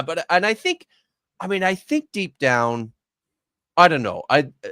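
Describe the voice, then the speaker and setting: A male guest in a casual reaction chat, speaking in a deliberate, exasperated way. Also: a little high, big pitch swings, sharp tone, clean tone, no echo, studio quality.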